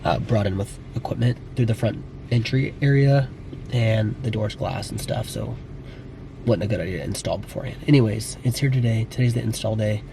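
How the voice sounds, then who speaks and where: A man's voice: fairly low pitch, fairly quick, gravelly, noisy background. A man with a Texan accent co-hosting a casual home vlog, laid-back and explaining, sounding congested. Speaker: vlog co-host.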